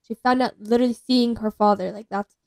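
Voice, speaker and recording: Young woman with a slightly high voice. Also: steady tone, fast talker, vocal fry, a little mellow, no room sound. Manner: hesitant and fragmented, with many "like" fillers. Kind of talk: casual chat among cousins.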